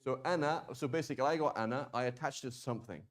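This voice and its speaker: In a laid-back language lesson, a man teaching Arabic speaks in a mid-range voice. His delivery is conversational and full of fillers and restarts, with frequent stops to sound out words slowly.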